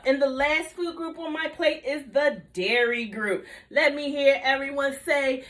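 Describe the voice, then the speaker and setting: A woman giving a kindergarten video lesson on healthy eating, in a bouncy teacher voice with call-and-response and drawn-out repeated words. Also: high-pitched, animated, pushed and bright. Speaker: nutrition educator for young children.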